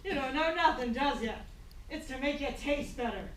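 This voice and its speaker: A woman's voice: high voice, lively intonation, normal speed, slight background noise. A woman playing a bossy giant's wife who scolds in a folksy rural way in a stage skit. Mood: scheming. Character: bossy, nagging giant's wife in a hillbilly style. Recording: echoey room from far off.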